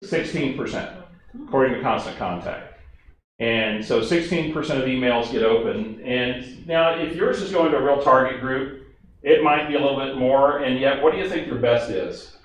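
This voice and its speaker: A man's voice: medium pitch, moderate pace, recorded from a distance. Man teaching a class in an echoey room. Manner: conversational, engaging, asks the audience questions. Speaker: instructor. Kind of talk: training presentation with anecdotes. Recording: very echoey room, faint noise.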